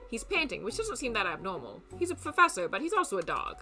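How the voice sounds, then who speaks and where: A young woman streamer reads a dating game's narration in a playful, wry way. Her voice is bright and sits a little high, with a lively pitch range. Soft music plays faintly behind her. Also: quick pace. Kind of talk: reading a dating game aloud.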